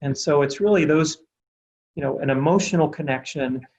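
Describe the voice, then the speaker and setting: A man's voice: a little high, moderate pace, darkish tone, rough recording. A middle-aged man, a pediatric doctor, earnestly telling a story from his training in an interview. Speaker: pediatric doctor, healthcare executive. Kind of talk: interview answer, personal story.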